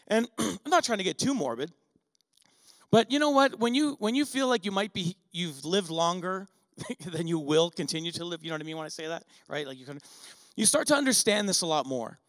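A middle-aged man with a fairly high voice delivers a conversational church sermon. He leans on rhetorical questions and asks the listeners for an "amen" often. His voice rings with a long reverb that trails off in a large sanctuary. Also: a bit bright. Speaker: pastor.

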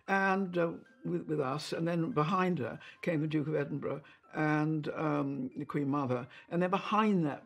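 An older woman being interviewed, telling old memories in a chatty way with fillers. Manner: chatty storytelling with fillers, lively pitch when quoting others. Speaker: interviewee, royal lady-in-waiting. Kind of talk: reminiscing interview.

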